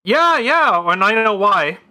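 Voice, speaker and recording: Bright-voiced, wisecracking male co-host. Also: high voice, sing-song, a little slow. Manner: dry, wisecracking. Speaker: podcast co-host. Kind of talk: casual podcast chat.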